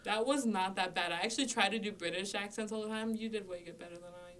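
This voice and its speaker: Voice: medium pitch, quick pace, distant mic, crowd noise. A speaker in their twenties co-hosting a podcast, chatting casually with enthusiasm and strong opinions. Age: 20s. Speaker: podcast co-host. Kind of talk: casual chat.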